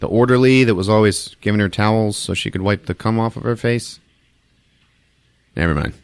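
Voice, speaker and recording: A male podcast host giving a comedic, profane movie recap as an animated, laughing storyteller. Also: fairly low pitch, brisk, clean tone, dry recording.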